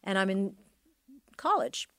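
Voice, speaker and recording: A middle-aged woman telling a personal story as an interview guest, halting and trailing off with many fillers. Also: mid-range voice, sing-song, fairly bright tone, no echo.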